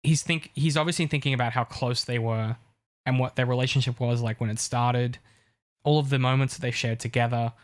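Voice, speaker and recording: A man co-hosts a podcast, eagerly and analytically picking apart TV dialogue in chat. His mid-range voice moves briskly with fairly even intonation, and his enthusiasm shows in frequent restarts.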